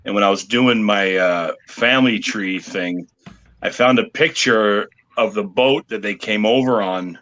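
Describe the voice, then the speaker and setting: A man with a lowish voice speaks hesitantly, with many pauses and fillers. His tone is edgy and bright, and the call audio is dull. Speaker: guest on video call. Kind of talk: casual chat.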